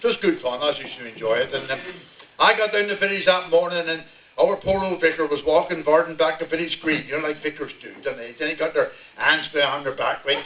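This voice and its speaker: Telling a humorous dialect tale to a live village hall crowd, an older Devon man spins his rural yarn in a broad West Country burr, chuckling along. His voice is high, carrying, animated and quick. The distant mic and echoey hall leave it dull and muffled, with a little hiss or hum.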